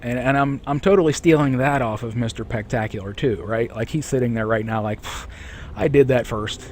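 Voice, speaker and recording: Man, live streamer, sore scratchy throat, rambling chat, mid pitch, faint hiss behind. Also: a little fast. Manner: rambling, self-correcting, reads chat aloud. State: sore throat, clearing it often.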